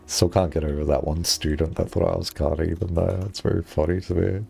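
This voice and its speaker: A man chatting casually on a live stream, rambling and laughing often, jumping up high when excited, on a headset mic. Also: a little fast, creaky, faint music behind.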